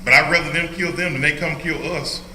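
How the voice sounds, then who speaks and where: A man's voice: fairly high pitch, fairly even intonation, fairly quick, sharp tone, echoey room, a little hiss or hum, poor audio. An older man leading an informal Bible study as a pastor, joking and laughing often as he teaches. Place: church hall.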